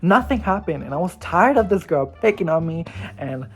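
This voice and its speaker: A vlogger with a voice on the high side and lively intonation tells a casual storytime at normal speed. He's chatty, says "like" constantly and acts out what others said, with faint music in the background.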